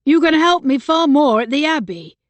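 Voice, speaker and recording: A woman's voice: fairly high pitch, animated, normal speed, dry recording, close to an everyday voice. A woman narrator voicing a bitter, agitated young man who raises his voice and insists on getting his way. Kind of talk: audiobook character voice.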